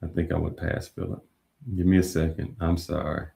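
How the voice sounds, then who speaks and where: Gravelly and very deep, this man talks fairly quickly while co-hosting a casual live talk stream. He's animated, laughing and swearing as he scrolls through the comments.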